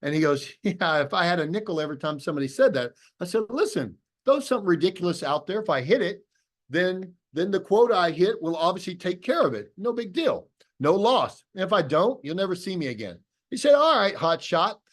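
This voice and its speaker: Speaking in a high-sitting, very animated voice at a slightly fast pace, this business opportunity presenter addresses an audience by video call. His motivational talk centers on a story in which he plays both sides of conversations he recalls.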